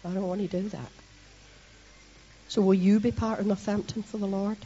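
A middle-aged Scottish woman preaches with a husky, breathy edge, talking to the congregation like old friends and making fun of herself along the way. The recording sounds dull and muffled. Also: mid-range voice, normal speed. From Scotland. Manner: lively, chatty and self-mocking, with asides to the congregation. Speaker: church leader preaching. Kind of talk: sermon.

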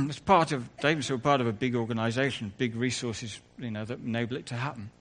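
A man's voice: mid-range voice, fast. A man preaching a conversational sermon in church, full of asides and self-corrections.

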